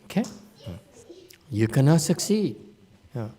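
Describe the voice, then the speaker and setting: A man's voice: a little high, big pitch swings, takes it slowly, mellow. A man giving an informal Dharma lecture in a meditation hall, chatty and joking, laughing often and repeating words. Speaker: Buddhist teacher giving a Dharma talk.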